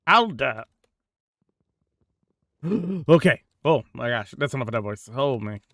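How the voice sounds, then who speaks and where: A man's voice: medium pitch, lively intonation, slow pace, sharp tone, no room sound, clean studio sound. A young man chatting casually on a gaming stream into a desk mic, slangy and laughing often.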